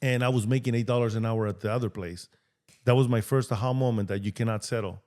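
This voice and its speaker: A man from Mexico, a real estate agent guesting on a podcast, telling his life story in a lively way and acting out the voices of people he quotes. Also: medium pitch, fast. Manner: animated, acts out quoted dialogue. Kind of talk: storytelling interview talk.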